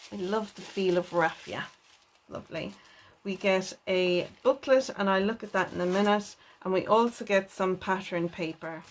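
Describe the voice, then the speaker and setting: A woman hosting a papercraft unboxing video, speaking gently and often enthusing over each item. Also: medium pitch, a little hiss or hum. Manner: gentle, enthuses with repeated "lovely". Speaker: papercraft channel host.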